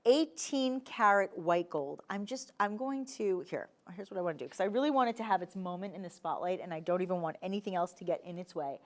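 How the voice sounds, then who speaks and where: A woman with a New Jersey accent hosting a live TV shopping show, pitching jewelry in a chatty, animated sales patter. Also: brisk, hardly any pauses. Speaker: shopping channel host. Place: TV studio.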